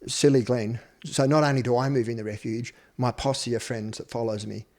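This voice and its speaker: Australian man, 50s, podcast guest; blunt, salty storyteller at a middle pitch. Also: fairly even intonation, normal speed, a little mellow. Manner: blunt, swears freely, acts out quoted speech. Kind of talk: personal storytelling interview.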